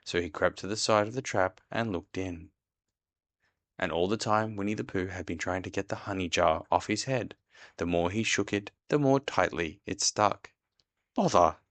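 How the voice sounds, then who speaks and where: Dad narrator for a bedtime storybook: low voice, expressive and measured, dry close sound. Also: male voice, no echo. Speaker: father reading to his child. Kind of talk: reading a storybook aloud.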